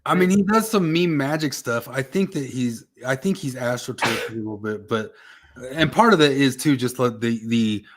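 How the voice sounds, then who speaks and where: A man's voice: mid-range voice, normal speed. A man talking on a casual podcast, laying out an argument in a loose, rambling way. He often restarts his sentences and circles back to repeat his point. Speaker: podcast co-host. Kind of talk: casual political chat.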